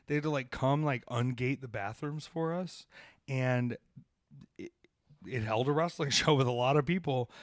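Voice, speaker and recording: With a fairly high-pitched voice, this man, a professional wrestler and podcast co-host, rants with heavy cursing before settling into casual road stories. He alternates shouted emphasis with hushed asides, recorded in clean studio sound without room sound.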